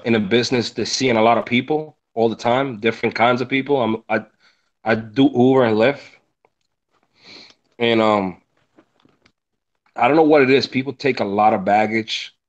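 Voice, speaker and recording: A man's voice: lowish voice, fairly even intonation, normal speed, long pauses, highs cut off. A man talking casually on a discussion panel, giving emphatic, preachy life advice and swearing freely. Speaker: panel speaker, rideshare driver. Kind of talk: casual motivational talk.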